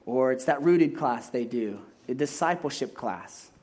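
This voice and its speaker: A man preaching a sermon as a pastor, animated and acting out voices as he makes his points. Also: medium pitch, unhurried.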